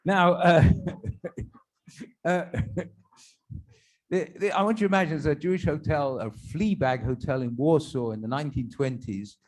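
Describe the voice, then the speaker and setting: A rabbi runs through a string of jokes for his congregation, his fairly high voice moving a little slowly and pausing often. Chatty, self-deprecating remarks fill the gaps between punchlines.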